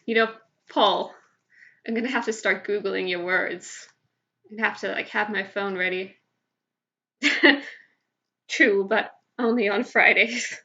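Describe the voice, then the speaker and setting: A woman's voice: mid-range voice, a little slow, long pauses, bright, forceful tone. A woman hosting a live game show from home, chatty and giggly as she tells stories. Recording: dull lo-fi livestream audio.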